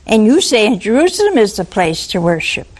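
A woman's voice: a little high, sing-song, unhurried, fairly bright tone. A woman preaching, voicing an evasive, sassy woman who dodges questions. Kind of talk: acted quote in a sermon.

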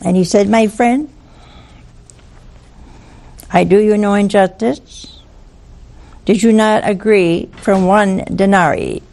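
A woman delivering a televised sermon in a folksy, teasing manner. She speaks very slowly, and her voice is gravelly with creak. She keeps asking her viewers rhetorical questions. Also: medium pitch, steady tone, a little mellow. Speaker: preacher.

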